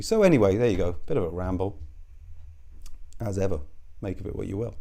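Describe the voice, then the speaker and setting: A man's voice: low-pitched, fairly quick, crowd noise. A man rambling sarcastically in a monologue, swearing freely and chuckling between jabs. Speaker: commentary video host.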